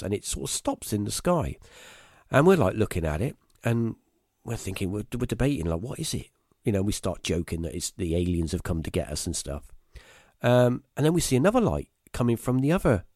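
A man, telling a story as a podcast guest in a rambling, halting way, full of fillers and restarts. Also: fairly low pitch, darkish tone, dry recording, studio quality. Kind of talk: casual storytelling.

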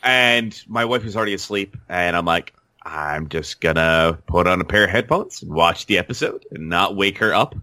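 A man co-hosting a casual podcast, easygoing and full of filler pauses. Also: low-pitched, pushed and bright, no room sound, clean studio sound. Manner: easygoing, many filler uhs. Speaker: podcast co-host. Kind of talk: casual chat.

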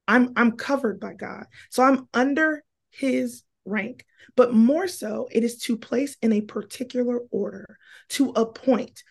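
A woman in casual podcast conversation, telling faith stories in an animated, preaching way. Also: mid-range voice, creaky, husky. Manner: animated, preachy, emotional storytelling.

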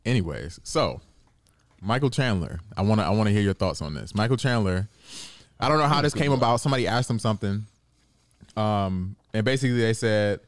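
A man's voice: fairly low pitch, expressive, fairly quick, dry recording. A man co-hosting a podcast, laid-back and teasing in casual chat, laughing often. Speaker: podcast co-host. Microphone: studio mic.

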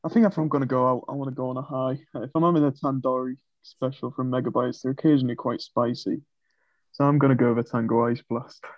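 A man talking fast and animated, laughing along with his own words. He is recorded on a dry, slightly dull lo-fi mic. It is casual podcast chat. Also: medium pitch, no echo. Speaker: podcast co-host.

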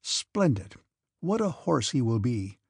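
A man voicing an eager, good-hearted young cavalry cadet with warm, brotherly cordiality, in a storybook reading. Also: medium pitch, big pitch swings, slow pace, gravelly, husky, no echo, studio quality, full character voice. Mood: friendly.

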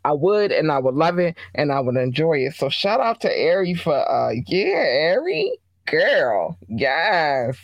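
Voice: medium pitch, lively intonation, unhurried, hardly any pauses, no echo, highs cut off. A podcast host chatting casually through entertainment gossip, rambling with slang and fillers. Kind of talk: casual celebrity gossip commentary.

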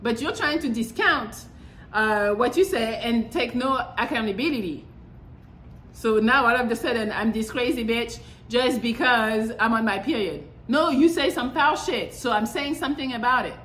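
A woman's voice: a little high, moderate pace, fairly bright tone, slight background noise. Blunt, profane woman podcaster, echoey room. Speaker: podcast host. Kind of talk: casual monologue. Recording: echoey room with faint ambience.

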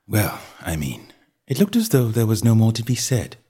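A man's voice: lowish voice, huge pitch swings, moderate pace, dark tone, breathy edge. A man narrating a comic novel in the first person, with jaunty, wry storytelling and varied character voices. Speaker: audiobook narrator.

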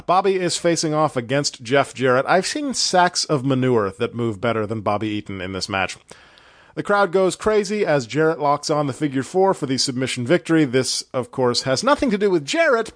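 A man's voice: mid-range voice, no echo, studio quality. A man hosting a podcast, recapping a broadcast in a sarcastic, exasperated way and swearing freely. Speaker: podcast host.

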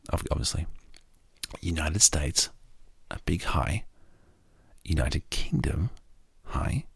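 An Australian man hosting a sleep podcast, talking slowly and softly, often dropping to a half-whisper. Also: sits low, vocal fry, husky, no room sound. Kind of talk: soft-spoken sleep podcast talk.

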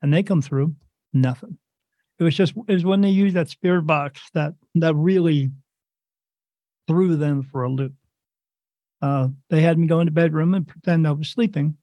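A man's voice: on the high side, normal speed, pauses often, no echo. A man as an interview guest, telling a long personal story in a loose, rambling way, acting out what others said and adding sound effects. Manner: animated, rambling retelling with quoted dialogue and sound effects. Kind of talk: casual storytelling.

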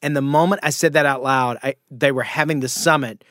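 A man on a podcast telling lively stories about his career as an impressionist, often slipping into quick impressions. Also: mid-range voice, a little hiss or hum. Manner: animated storyteller who slips into impressions. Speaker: guest impressionist. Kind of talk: casual podcast chat.

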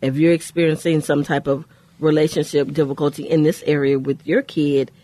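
A woman co-hosting a faith-based radio talk show, telling a personal story in an earnest way with pauses. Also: low-pitched, flat delivery, mellow, no room sound.

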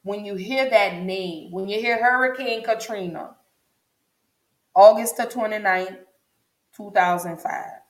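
A woman's voice: mid-range voice, measured pace, pauses often. A woman telling her own story as a vlogger, repeating herself for emphasis and speaking straight to her viewers. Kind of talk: personal storytelling vlog. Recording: echoey room.

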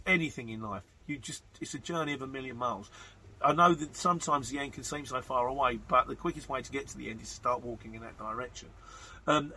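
A chatty male podcast host reading out listener messages and riffing on them in a loose, rambling way. His voice is forceful and bright, with a husky, slightly rough edge. He talks in a matter-of-fact manner, full of fillers and restarts. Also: medium pitch. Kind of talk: casual chat.

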